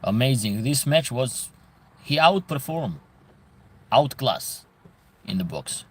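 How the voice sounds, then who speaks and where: A man's voice: medium pitch, big pitch swings, takes it slowly, fairly bright tone. Emphatic man with an Albanian accent. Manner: emphatic, repeats phrases for stress. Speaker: host answering viewer comments. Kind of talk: casual live commentary.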